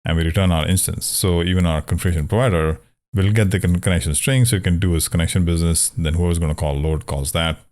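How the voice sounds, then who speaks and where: A man's voice: low voice, steady tone, fast, hardly any pauses, darkish tone. A man giving a casual coding tutorial, talking through his steps aloud, correcting himself and joking wryly along the way. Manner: thinking aloud, conversational, self-correcting; wry, joking about pronunciation. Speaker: programming tutor. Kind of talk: casual screen-share coding walkthrough.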